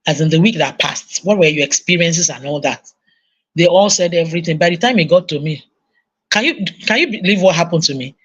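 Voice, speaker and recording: Speaking briskly in a lowish voice with a breathy edge, a Nigerian-accented woman addresses a conference with a parenting talk delivered like a sermon. As a speaker she's animated, weaving in stories and performing different voices, though the recording is muffled.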